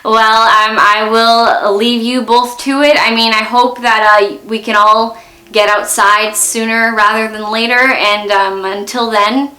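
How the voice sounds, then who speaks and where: A woman's voice: fairly high pitch, steady tone, measured pace, pushed and bright, echoey room. A young woman hosting a video series, emotional and rambling as she wraps up an interview. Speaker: host. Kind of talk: vlog outro.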